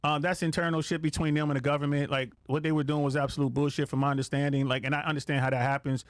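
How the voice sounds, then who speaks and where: A man's voice: on the high side, quick pace, no echo. A man, a podcast guest who works as an air traffic controller, telling stories casually with lots of swearing and acting out radio calls. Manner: profane, animated, acts out radio calls.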